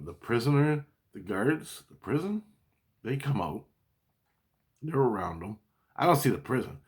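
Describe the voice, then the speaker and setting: In a lowish voice, a man rambles through a personal story in a casual monologue. He's excitable and profane, repeating his exclamations.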